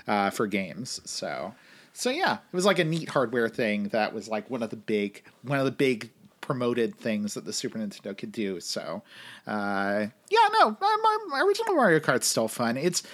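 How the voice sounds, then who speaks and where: A man's voice: mid-range voice, wildly swooping pitch, normal speed, a bit bright. A man co-hosting a casual chat who explains things with enthusiasm. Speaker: podcast co-host.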